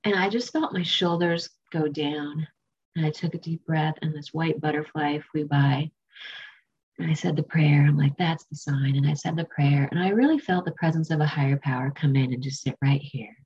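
A woman's voice: deep voice, moderate pace, a little mellow, slightly rough, dull audio. A woman giving a candid, emotional recovery testimony at a meeting, often self-mocking.

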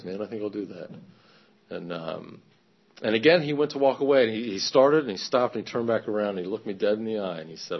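Man, low voice, candid testimony, halting fillers, muffled lo-fi sound. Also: animated. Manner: candid, conversational, many fillers and pauses. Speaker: recovery speaker sharing his story. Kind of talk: personal testimony talk.

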